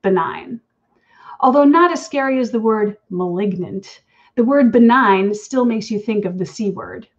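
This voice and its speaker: A woman's voice: a little high, animated, normal speed, dull audio. A woman author reading her own story aloud in an intimate, wry second-person voice. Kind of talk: reading fiction aloud at an online event.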